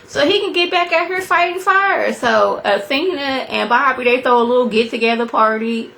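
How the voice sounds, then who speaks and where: A woman's voice: moderate pace, creaky, slight background noise. Chatty woman recapping a TV episode. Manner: animated storyteller, acts out quotes in a high voice; chatty, talks straight to viewers. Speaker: TV review vlogger.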